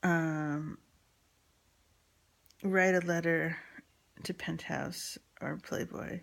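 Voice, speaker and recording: A woman's voice: low-pitched, fairly even intonation, extremely slow, vocal fry. A woman in her forties from New York telling a personal story in a frank, rambling way with lots of fillers and swearing.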